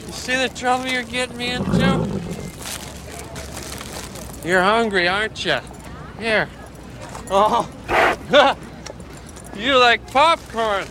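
A meek, gentle school teacher. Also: male voice, very high voice, huge pitch swings, slow pace, pauses often, exaggerated voice. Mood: gentle, coaxing. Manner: soft-spoken, pleading. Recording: outdoor film audio with street noise.

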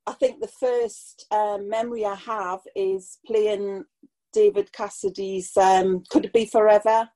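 A woman's voice: mid-range voice, fairly even intonation, unhurried, warm tone. Chatty Geordie woman in her sixties. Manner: chatty and nostalgic, laughing often. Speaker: guest. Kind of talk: casual conversational interview.

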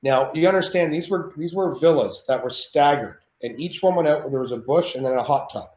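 A man telling a story as a podcast guest, animated and rambling, with plenty of swearing. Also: fairly high pitch, a little fast, roomy sound. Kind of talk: casual storytelling.

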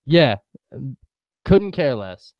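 A man's voice: a little high, very animated, extremely slow, dry recording, lo-fi sound. A young man co-hosting a casual chat, laid-back and slangy, telling stories.

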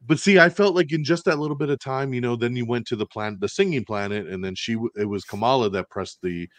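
A man co-hosting a casual movie review show, talking in an animated way, acting out characters' lines and swearing casually. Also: medium pitch, fast, no room sound. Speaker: podcast co-host.

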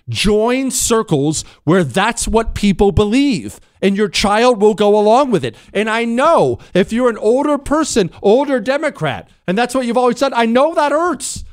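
A fiery male radio host on a dry studio mic, voice pitched high and swinging wildly as he preaches. He reads listener emails, then launches into combative rants, mocking imagined callers with put-on voices. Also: clear, resonant tone, no echo. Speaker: radio talk show host. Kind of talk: talk radio monologue reading listener emails.

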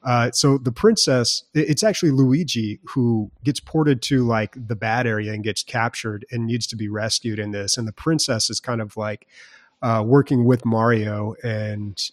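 A man's voice: mid-range voice, fairly even intonation, normal speed, dry recording, studio quality. Rambling man in casual podcast chat. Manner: rambling, lots of fillers and restarts. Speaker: podcast co-host.

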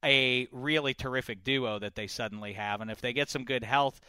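Bright, crisp joking sports radio host. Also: male voice, medium pitch, a little fast, dry recording. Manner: joking, playful banter. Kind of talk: casual sports chat.

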